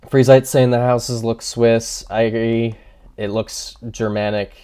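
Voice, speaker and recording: His mid-range voice is dark and clean, with fairly even intonation and a slightly slow pace. During a casual game stream he thinks out loud, reads chat, and chats with viewers while mocking himself.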